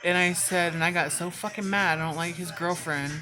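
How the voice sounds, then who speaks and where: A woman's voice: on the low side, fairly even intonation, brisk, music in the background. A woman telling a storytime vlog in casual chat, swearing freely and filling her speech with "like". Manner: casual, heavy cursing, frequent "like" fillers. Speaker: vlogger.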